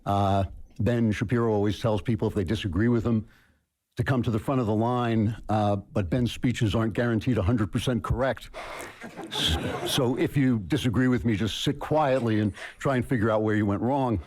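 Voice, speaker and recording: A man's voice: fairly low pitch, fairly even intonation, moderate pace, noisy background. A man delivering a university lecture with dry, self-deprecating humor to a live audience. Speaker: guest speaker. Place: lecture hall before an audience.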